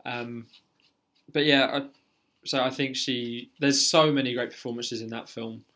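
A man's voice: medium pitch, steady tone, measured pace, sharp tone. A man co-hosting a casual film podcast, chatty and casually swearing. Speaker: podcast co-host.

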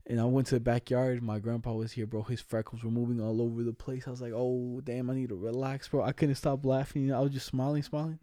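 A man's voice: mid-range voice, flat delivery, fast talker, few pauses, mellow, no echo. A young man telling stories in casual chat, slangy, laughing as he goes and swearing a lot.

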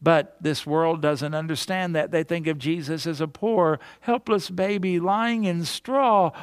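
A man's voice: on the high side, slow, hardly any pauses, clear, resonant tone, dry recording, clean studio sound. A man pastor preaching a sermon, emphatic and repetitive, building his points with rhetorical questions.

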